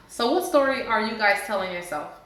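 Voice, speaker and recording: A woman speaks straight to the camera, earnestly sharing her healing story. Her voice is bright and clear. The room rings with heavy echo. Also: fairly high pitch, animated, normal speed. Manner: earnest, heartfelt, faith-based encouragement. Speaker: vlogger sharing a personal story. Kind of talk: casual testimony to camera. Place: indoors, sitting before a camera. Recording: very echoey room.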